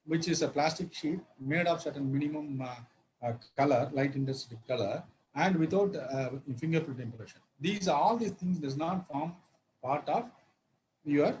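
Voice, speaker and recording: Halting male law lecturer. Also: fairly high pitch, darkish tone, a little hiss or hum, poor audio. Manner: halting, many fillers and restarts, spells words out.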